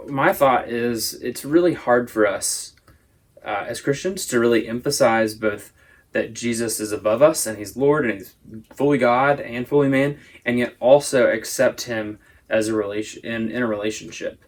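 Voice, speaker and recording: A man's voice: mid-range voice, normal speed. Thoughtful man leading Bible study. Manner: thoughtful, explaining at length. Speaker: Sunday school teacher. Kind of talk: casual Bible discussion.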